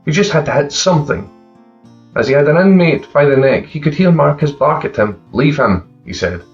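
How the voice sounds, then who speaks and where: A man narrating crime fiction in a steady, gravelly voice. The recording is slightly dull, and a faint guitar plays beneath him throughout. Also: a little high, fairly quick, far from the mic. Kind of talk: dark crime fiction reading.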